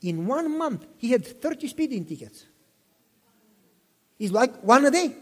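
A man's voice: very high-pitched, sing-song, unhurried. A pastor in his fifties preaching a sermon, telling personal stories with passion, repeating himself and asking listeners questions. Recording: long reverb in a hall.

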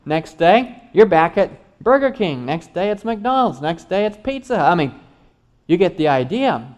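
A middle-aged man, a doctor, giving an animated health lecture with joking asides to his audience. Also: high voice, moderate pace.

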